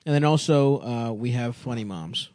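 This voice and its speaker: A man's voice: mid-range voice, moderate pace, a little mellow, no echo, studio quality. A man hosting a comedy podcast, crude and joking as he rattles off his tour dates. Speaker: podcast host and touring comedian. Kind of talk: casual comedy podcast banter.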